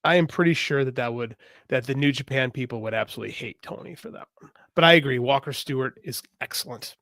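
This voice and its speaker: A man co-hosting a podcast in casual chat, animated and quick to agree, with exaggerated complaints. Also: medium pitch, gravelly, no room sound, clean studio sound. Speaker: podcast co-host.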